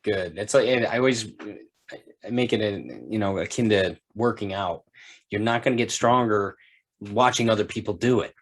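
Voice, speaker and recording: A man's voice: lowish voice, moderate pace. A middle-aged man hosting a podcast in casual interview chat, encouraging and rambling with frequent restarts. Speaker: podcast host.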